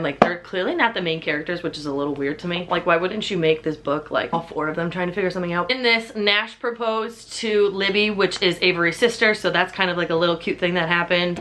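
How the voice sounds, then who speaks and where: A young woman talks to her camera at home in a loose, chatty vlog, leaning on "like" at every turn. Her voice sits a little low, and a faint hum of the room sits behind it. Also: sharp tone. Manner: chatty, filler-heavy, says "like" constantly. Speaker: book vlogger. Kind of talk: casual vlog chat.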